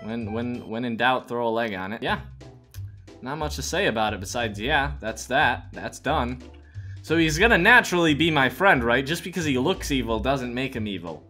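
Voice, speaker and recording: A young man narrates his game in a bright, forceful voice, riffing to himself as he works. When spooked he jumps into loud, high yelps, and a faint bit of music sits underneath. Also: moderate pace. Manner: animated, jokey, talks to himself while building; yelps and shouts in panic. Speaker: gaming YouTuber. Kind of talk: let's play commentary.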